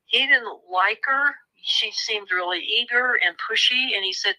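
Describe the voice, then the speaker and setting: A woman with a strikingly bright, sharp tone tells a true crime story as an author guest. She talks in a lively way and slips into the voices of the people she quotes. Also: on the high side, a little slow, hardly any pauses, low-quality recording. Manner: animated, acts out quoted voices. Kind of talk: conversational storytelling.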